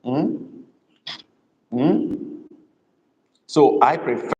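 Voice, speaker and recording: Male language tutor in a live class, unhurried and repetitive, echoey room with a long reverb. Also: medium pitch, warm tone, dull audio. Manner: slow, repeats phrases, coaxes students. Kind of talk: live online lesson.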